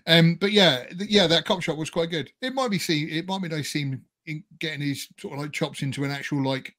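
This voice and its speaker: A man's voice: on the high side, a little fast, a bit bright. A man hosting a casual podcast chat, joking and laughing often. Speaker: podcast host.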